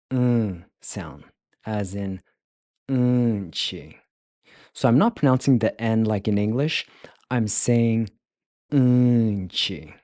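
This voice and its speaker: A man teaching pronunciation, breaking words into sounds and repeating them slowly and carefully. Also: on the low side, warm tone, no echo, studio quality. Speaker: language teacher. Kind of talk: slow, careful pronunciation lesson.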